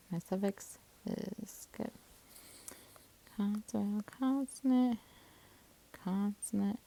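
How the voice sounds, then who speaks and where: A woman's voice: fairly low pitch, gravelly, dark tone, poor audio. A woman teaching a spelling lesson, patiently sounding out syllables and coding words, sometimes dropping to a whisper.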